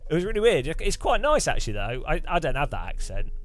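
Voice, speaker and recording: A man's voice: fairly high pitch, huge pitch swings, normal speed, pauses often, faint music behind. A man chatting casually on a live stream, rambling and chuckling as he thanks viewers between thoughts.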